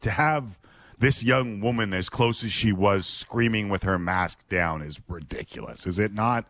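A man co-hosting a sports talk show, wry and quick to laugh. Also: fairly low pitch, fairly bright tone, no room sound. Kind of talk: sports radio banter.

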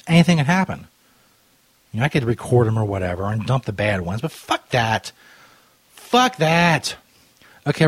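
With a medium-pitched voice and no room sound, a man rambles crudely into a studio mic while drinking on his prank call show. The banter is profane, tipsy and loose, and he keeps drifting off topic.

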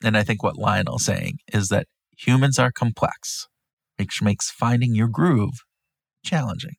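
A man with a husky, gravelly voice co-hosts a podcast in easygoing conversation. He walks through examples and breaks into playful, teasing mock surprise. The sound is dry and close to the mic. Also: lowish voice, a little slow, dry recording. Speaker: podcast co-host. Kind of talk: casual conversational podcast chat.

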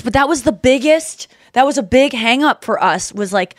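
A woman hosting a podcast, talking in a casual, chatty way full of "like" and quick asides. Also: high voice, expressive, dry recording, clean studio sound. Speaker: podcast host. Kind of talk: casual chat.

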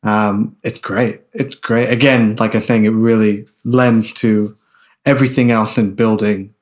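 A man's voice: fairly low pitch, fairly even intonation, unhurried. A man co-hosting a film podcast in casual chat, laid-back, saying "dude" and swearing casually. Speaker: podcast co-host.

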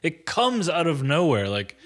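A man's voice: a little high, very animated, unhurried, a bit bright. A man co-hosting a casual movie review chat, blunt and dry, swearing often. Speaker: podcast co-host reviewing a movie.

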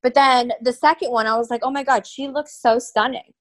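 A woman co-hosting a podcast in casual chat, excitable and blunt, with crude words. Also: fairly high pitch, a little fast. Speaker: podcast co-host.

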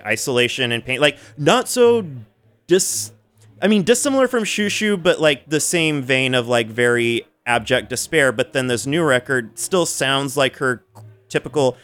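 A man co-hosting a radio show at a studio mic. He tells long stories in a casual, rambling way, full of fillers and swearing, with a voice of ordinary pitch. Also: fairly bright tone, clean tone. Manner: chatty, profane storytelling with many fillers. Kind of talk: casual chat.

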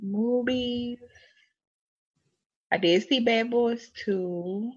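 A young woman co-hosting a podcast in casual chat, animated, with playful exaggeration. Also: a little high, very slow. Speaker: podcast co-host. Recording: dull lo-fi sound.

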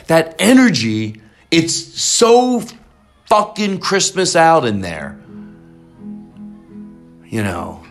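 A man hosting a podcast in excited casual chat, rambling and jumping up in pitch. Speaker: podcast host.

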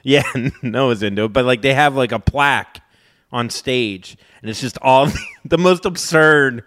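A man's voice: medium pitch, measured pace, a bit bright, no room sound. Crude, rambling man comedian. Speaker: podcast co-host, comedian. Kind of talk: casual chat.

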